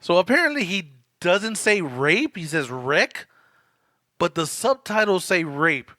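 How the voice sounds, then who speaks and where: A man's voice: high-pitched, sing-song, measured pace, pushed and bright, no echo, studio quality. A man co-hosting a podcast, casually recapping a film, agreeing often and quoting lines in offhand voices. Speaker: podcast co-host.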